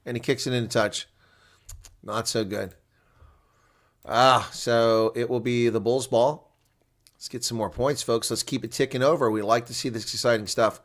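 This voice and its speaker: A man giving live reaction commentary on a rugby match, chatting to viewers and getting loudly excited on big plays. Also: mid-range voice, moderate pace, long pauses. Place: home setup streaming a reaction broadcast.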